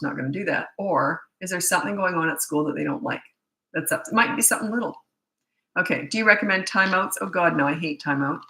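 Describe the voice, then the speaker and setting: Blunt, bright-voiced middle-aged woman coach. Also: sits low, echoey room, poor audio. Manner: blunt, candid and chatty. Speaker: parenting coach. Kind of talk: live Q&A, answering viewer questions.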